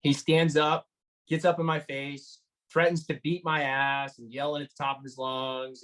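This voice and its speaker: A man giving an interview, retelling a tense encounter in an animated way, with lots of fillers and restarts. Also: mid-range voice, normal speed, low-quality recording. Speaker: motorcycle engine builder guest. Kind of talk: storytelling interview.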